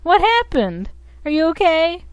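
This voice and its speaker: A woman voicing an excitable young penguin creature from a game, reading its lines in a high, exclaiming voice. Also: unhurried, no echo, dull audio, full character voice. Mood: chirpy.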